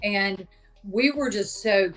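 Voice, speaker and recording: A woman guest in a podcast interview tells her story casually, circling back with fillers. Her voice sits in an ordinary middle pitch. A faint wash of music plays underneath. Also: slow. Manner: chatty, many fillers, acts out quoted voices. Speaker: paranormal investigator guest.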